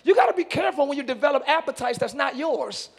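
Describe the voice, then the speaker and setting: A man pastor preaching a sermon in a church, swinging between hushed asides and shouted, animated exhortation. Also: very high voice, fast. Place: church sanctuary.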